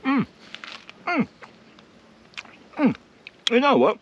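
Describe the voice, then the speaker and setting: Lively, chatty man outdoors. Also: very high voice, drawn-out words, dull audio, slight background noise. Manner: chatty and self-mocking, laughs often. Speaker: vlogger. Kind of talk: casual vlog chat to camera. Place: outdoors at a countryside campsite.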